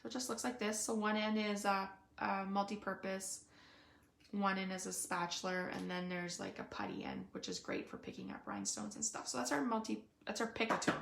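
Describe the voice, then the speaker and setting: A woman's voice: mid-range voice, lively intonation, fairly quick, vocal fry, a bit bright. A woman giving a casual live card-making demonstration, chatting and thinking aloud with frequent fillers. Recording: echoey room.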